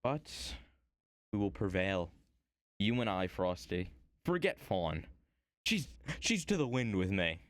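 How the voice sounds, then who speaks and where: A man's voice: low-pitched, big pitch swings, takes it slowly, long pauses, dry recording. A man streaming himself woodcarving at home, chatting to viewers in a rambling, playful way. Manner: rambling, playful, talks to chat. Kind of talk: casual chat while woodcarving.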